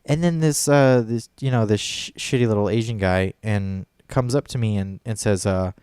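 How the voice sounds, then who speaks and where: Rambling, profane man with a low, smooth voice. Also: moderate pace, few pauses, a little mellow, no echo, studio quality. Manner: rambling, profane, many fillers and restarts. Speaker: podcast co-host. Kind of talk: casual chat.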